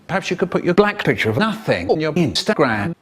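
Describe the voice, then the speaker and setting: Animated storyteller man. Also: a little high, fast talker, slightly rough. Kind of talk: comic storytelling, spliced from clips.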